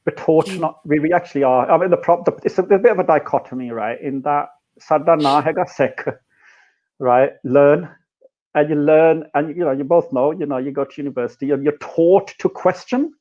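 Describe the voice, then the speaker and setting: British male guest, lively explainer, slightly high pitch, muffled call line. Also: brisk. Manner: animated storyteller, mixes in Punjabi phrases, says "right?" and "you know" often. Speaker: guest musician and academic. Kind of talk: casual explanatory chat.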